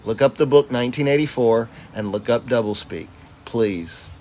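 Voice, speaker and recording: A relaxed man hosts a live chat stream in a mid-range voice. He talks loosely and profanely, calling his viewers y'all and breaking into easy laughter. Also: medium pitch, moderate pace, a little hiss or hum. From Charlotte, North Carolina, US. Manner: laid-back, profane, laughs often, addresses audience as y'all. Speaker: livestream host. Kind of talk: casual livestream chat reading viewer comments.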